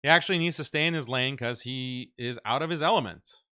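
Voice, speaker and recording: A man hosting a casual commentary show, excitedly reacting and mocking quotes in a raised voice. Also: medium pitch, brisk. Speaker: host. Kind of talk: casual commentary on a debate clip.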